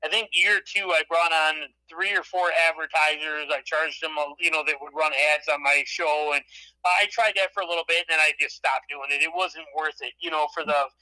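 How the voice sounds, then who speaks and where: A man's voice: fairly high pitch, steady tone, moderate pace, sharp tone, poor audio. A man from Michigan, a podcast guest telling long rambling anecdotes in a casual chat.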